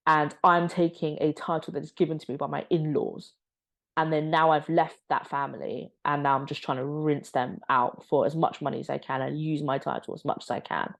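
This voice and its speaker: Sarcastic low-voiced woman vlogger. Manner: sarcastic, exasperated, mocking. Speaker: commentary vlogger. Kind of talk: opinionated casual commentary.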